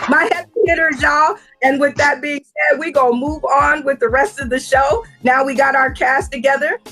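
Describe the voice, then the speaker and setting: A woman's voice: sits high, a bit bright. A woman hosting a comedy show, chatty and informal as she runs through announcements. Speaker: host.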